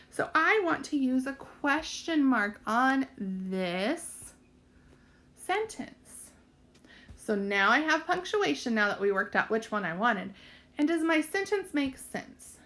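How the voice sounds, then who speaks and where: A woman teaching young children in a recorded video lesson, with a high, bouncy voice that swoops up and down. She talks slowly and clearly, spelling out words letter by letter and thinking aloud as she goes. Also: fairly bright tone.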